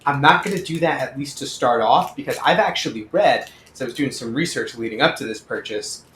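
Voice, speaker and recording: A man's voice: medium pitch, fairly bright tone, a little hiss or hum. Eager man unboxing gear in an echoey room. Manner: chatty, eager, lots of fillers and asides. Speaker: airsoft channel host. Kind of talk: casual product unboxing.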